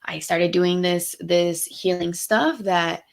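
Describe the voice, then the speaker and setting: A woman's voice: on the low side, steady tone, slow pace, vocal fry. A young adult woman co-hosting a podcast, telling stories candidly in casual chat, dropping Spanish phrases and swearing freely. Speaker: podcast co-host.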